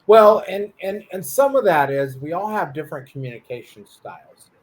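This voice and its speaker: A man's voice: high-pitched, animated, normal speed. A man co-hosting a casual chat, telling a long story and acting out the quotes along the way. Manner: rambling, storytelling with acted quotes. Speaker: co-host.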